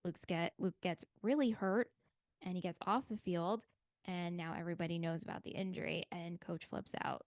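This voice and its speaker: A woman's voice: lowish voice, fairly even intonation, normal speed, no echo, studio quality. A woman co-hosting a casual podcast recap, retelling scenes and acting out the characters' lines. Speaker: podcast co-host.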